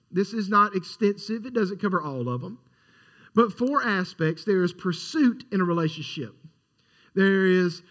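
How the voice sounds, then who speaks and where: Bright high-voiced male preacher. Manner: earnest, rising to emphatic pleading. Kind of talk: sermon.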